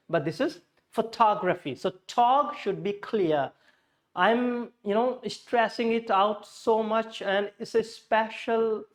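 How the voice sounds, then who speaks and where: A man with an Indian English accent teaching English pronunciation, stressing and repeating words slowly to drill the sound. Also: high-pitched. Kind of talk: spoken English lesson.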